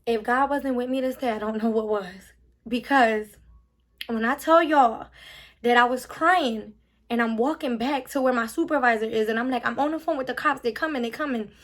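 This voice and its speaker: A young woman telling a storytime vlog, emphatic and animated, acting out the quotes. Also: a little high, moderate pace. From Philadelphia. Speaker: vlogger.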